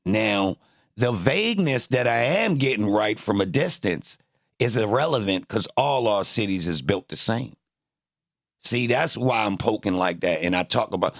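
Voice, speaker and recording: A man's voice: medium pitch, big pitch swings, measured pace, gravelly, pauses often, no room sound, studio quality. A man talking in loose, emphatic, profane street-style commentary. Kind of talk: casual streamed commentary.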